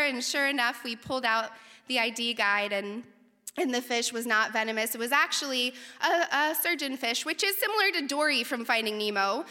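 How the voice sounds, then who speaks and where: A young woman telling a personal story to an audience, lively, her voice leaping up when recounting panic. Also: fairly high pitch, moderate pace. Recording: reverberant hall.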